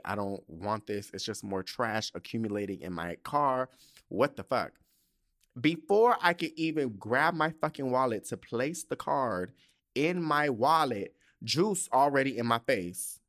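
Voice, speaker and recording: A man rants on his solo podcast in a loose, profane, storytelling way. He piles on exasperated asides and keeps his voice at an ordinary middle pitch. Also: a bit bright. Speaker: podcast host. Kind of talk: casual solo podcast rant.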